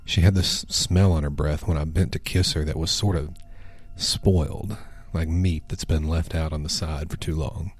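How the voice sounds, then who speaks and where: A man narrating a first-person horror story in a hushed, measured way. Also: rumbling low, fairly even intonation, breathy edge.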